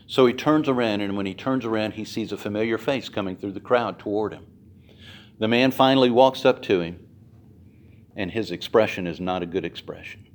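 A man preaching a sermon as dramatic storytelling, swinging from loud to hushed. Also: on the low side. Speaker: pastor.

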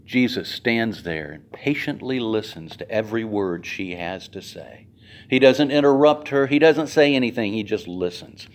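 A man preaching a sermon as dramatic storytelling, swinging from loud to hushed. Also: fairly low pitch, lively intonation, moderate pace. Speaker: pastor.

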